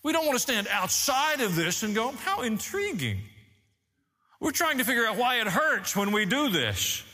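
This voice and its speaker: A man preaching a sermon as pastor, animated, rising and falling as he teaches. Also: very high-pitched, normal speed, long reverb tail.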